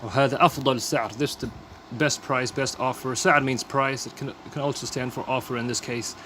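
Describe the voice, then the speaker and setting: A man's voice: mid-range voice, steady tone, fast, sharp tone, a little hiss or hum. A man teaching vocabulary in a casual lesson, repeating each phrase and explaining the words plainly. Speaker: language teacher.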